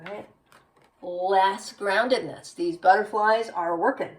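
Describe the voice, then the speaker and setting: A woman's voice: mid-range voice, slow, far from the mic, poor audio. A woman giving a tarot reading, musing aloud with frequent "right?" tags. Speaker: tarot reader.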